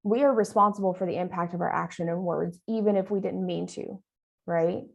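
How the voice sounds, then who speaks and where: A woman's voice: on the low side, fairly even intonation, fairly quick, gravelly, poor audio. A woman leading a training session, talking in a conversational way and often checking in with "right?". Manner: talks with her arms. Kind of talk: training presentation.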